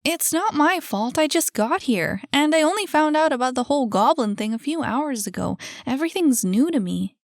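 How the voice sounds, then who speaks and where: A woman voicing a young goblin woman who is new to the place, bewildered but eager, quick to defend herself. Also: fairly high pitch, expressive, no echo, clean studio sound, voice pushed up.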